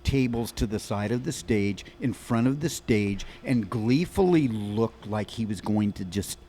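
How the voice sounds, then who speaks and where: A man in his sixties, a musician guest on a podcast, telling long anecdotes in quick animated bursts with many restarts. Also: fairly low pitch, a little hiss or hum. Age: 60s. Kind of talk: rambling storytelling in an interview.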